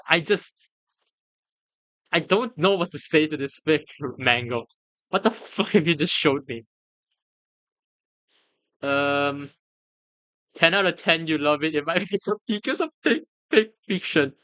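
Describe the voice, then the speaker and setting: Excitable, laughing streamer who swears a lot. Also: mid-range voice, unhurried, long pauses, dry recording. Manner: stammers and restarts when flustered. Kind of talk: casual live-stream reaction.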